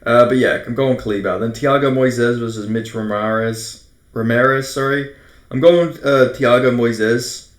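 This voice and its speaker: Australian male host, casual profane fight-picks ramble, mid pitch, roomy echo. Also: measured pace. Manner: rambling, profane, self-correcting. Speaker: MMA predictions host. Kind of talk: casual fight breakdown monologue.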